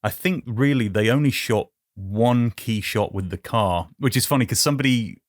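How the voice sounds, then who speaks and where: A man chatting casually as a podcast guest, relaxed and self-deprecating, often repeating words as he goes. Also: medium pitch, normal speed, no echo, clean studio sound. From United Kingdom. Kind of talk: casual chat.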